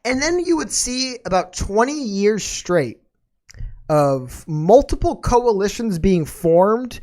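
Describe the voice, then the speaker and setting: A woman with a mid-range, darkish voice hosts a podcast, talking slowly but very animatedly. She rambles off on tangents in a slangy, laid-back way, calling listeners dude and man, with lots of fillers and restarts.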